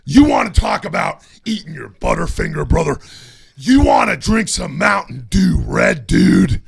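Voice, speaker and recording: A man plays a boastful pro wrestler with a rough, gravelly, crackling voice, drawling low and tagging every line with "brother" or "dude." The sound is dry and close, with no room in it. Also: big pitch swings, measured pace, dry recording, full character voice. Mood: bragging. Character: boastful male pro wrestler, booming and bragging.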